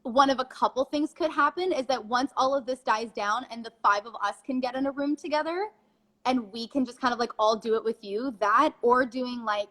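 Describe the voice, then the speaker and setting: A woman's voice: on the high side, a little fast, a bit bright, rough recording. A woman in her twenties, a guest in a casual chat, telling stories animatedly and laughing easily.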